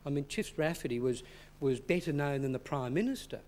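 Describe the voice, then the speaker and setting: An Australian man appearing as a guest on a talk show, telling relaxed stories. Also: a little high, brisk. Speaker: chef and guest.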